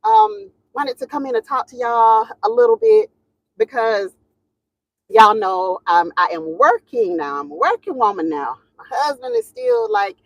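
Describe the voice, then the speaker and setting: A Southern woman hosts a casual livestream, greeting viewers and telling a story with chatty warmth, frequent laughter, and drawling phrasing. Her fairly high, gravelly voice moves at a measured pace with huge pitch swings. The recording is dull and lo-fi in a dry room without echo.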